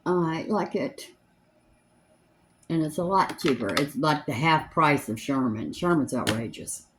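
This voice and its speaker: An older woman in her seventies with a drawl talks through her makeup routine at home. She rambles along in a chatty, homespun way, her voice sitting a little low for a woman. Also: expressive, a little slow, slight background noise. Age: 70s. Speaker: makeup vlogger. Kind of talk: casual chat while doing makeup. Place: home, seated in a chair.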